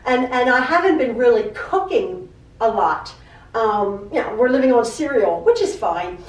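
A middle-aged woman talks casually from her home sewing room, rambling and circling back to repeat herself, often stammering and restarting. Her voice sits a little high. She is recorded from some distance in a room with plenty of echo. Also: sing-song, moderate pace. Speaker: quilting channel host. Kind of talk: rambling personal chat. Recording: echoey room, mic at a distance.

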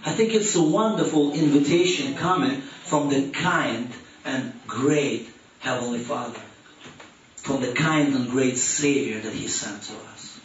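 A man preaching a sermon as youth pastor, swinging between rising emphatic questions and soft, low drops. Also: measured pace, a little hiss or hum. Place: church hall. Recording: echoey, distant, dull church room recording.

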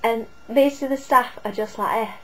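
A woman's voice: on the high side, normal speed, slight background noise, low-quality recording. A woman giving a casual, rambling spoken review, often hesitating and restarting.

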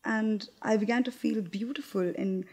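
A young actress performing a theatrical monologue in a candid, confiding, wry manner, with hesitant restarts. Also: female voice, on the high side, steady tone, normal speed, a little mellow.

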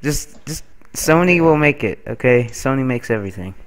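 Excitable swearing young gamer guy. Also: mid-range voice, normal speed, clean tone. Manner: excitable, swearing, frequent laughter. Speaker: gamer playing a father character. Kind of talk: casual gaming chat.

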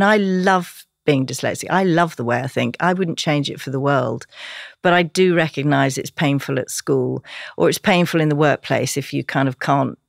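Passionate woman with a gravelly edge. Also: deep voice, no echo, clean studio sound. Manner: passionate, emotional at times. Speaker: guest. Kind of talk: podcast interview.

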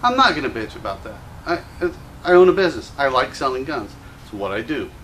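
A man's voice: mid-range voice, very animated, fast talker, a bit bright, slight background noise. A man who owns a gun store, ranting to camera in an angry, combative, profane commentary. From Louisiana. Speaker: gun store owner and show host.

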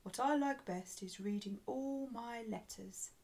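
Jolly old Santa, unhurried storybook man, voiced by a woman reading aloud. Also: fairly high pitch, darkish tone. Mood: cheerful.

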